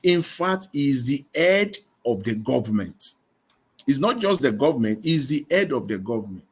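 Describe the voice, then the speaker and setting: A man's voice: mid-range voice, expressive, moderate pace, slightly rough. Emphatic Nigerian male talk host. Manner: emphatic, repeats points, talks over callers. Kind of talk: live political talk moderation.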